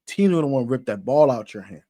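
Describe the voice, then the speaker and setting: A man's voice: medium pitch, animated, quick pace. A man ranting about football in casual slang, emphatic and repetitive. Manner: emphatic, repetitive, gets louder as he goes. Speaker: sports commentator. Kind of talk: casual sports rant.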